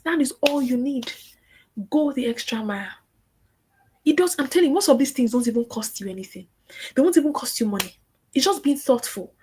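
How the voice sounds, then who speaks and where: Animated woman teaching online. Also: a little high, normal speed, pauses often, husky. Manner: animated, acts out client dialogues, repeats for emphasis. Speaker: online course instructor. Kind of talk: lively teaching talk.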